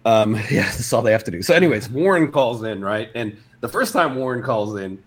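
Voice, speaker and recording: A man's voice: mid-range voice, expressive, brisk, husky. A man telling a funny story in a casual chat, swearing freely, laughing often and acting out the people he quotes.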